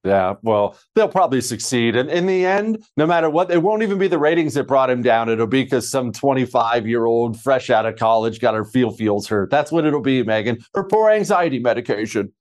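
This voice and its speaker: A man appearing as a guest commentator on a talk show, wry and plain-spoken with halting restarts. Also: mid-range voice, animated, darkish tone.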